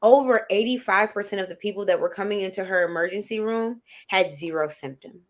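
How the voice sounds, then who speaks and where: A woman's voice: mid-range voice, fairly quick. A woman guest in a casual podcast chat, talking earnestly about her clients and acting out what they say. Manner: earnest, animated, acts out client quotes. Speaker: guest who counsels clients.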